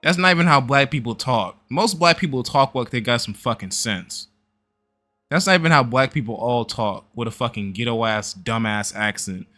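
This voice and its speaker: A man's voice: mid-range voice, expressive, normal speed, pushed and bright, soft background music. A man hosting a reaction video, commenting in a blunt, profane rant. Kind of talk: casual commentary.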